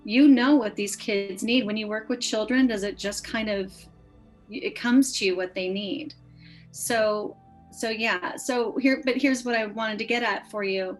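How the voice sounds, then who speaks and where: Woman astrologer, earnest and encouraging, mid-pitched voice. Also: steady tone, a little slow, faint music behind, rough recording. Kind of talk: astrology reading.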